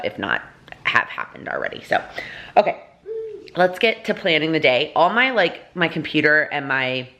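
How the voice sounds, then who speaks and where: Low-voiced chatty woman, rambling vlog. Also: a bit bright. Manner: rambling, chatty, many fillers and self-corrections. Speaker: vlogger, mother. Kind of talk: casual rambly vlog talk. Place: home, kitchen table. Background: baby toy noises.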